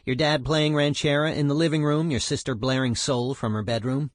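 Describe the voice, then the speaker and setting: A man's voice: mid-range voice, steady tone, brisk, no echo, clean studio sound, close to an everyday voice. A man voicing a male music journalist who asks short, probing questions.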